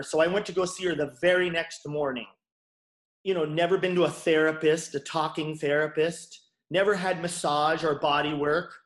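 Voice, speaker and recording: A man's voice: on the high side, steady tone, moderate pace, fairly bright tone, roomy sound. A man in his forties, a chiropractor and bodyworker, telling his story frankly in an interview and swearing casually. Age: 40s.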